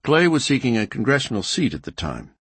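Husky-voiced male history narrator. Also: medium pitch, no room sound. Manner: measured, expressive reading with varied emphasis. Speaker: audiobook narrator. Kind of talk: scripted nonfiction narration.

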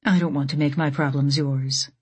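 A woman voicing a weary, guarded female space station leader in an audiobook, speaking in a flat, subdued way. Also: sits low, normal speed, slightly rough, voice pushed down. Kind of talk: audiobook character voice.

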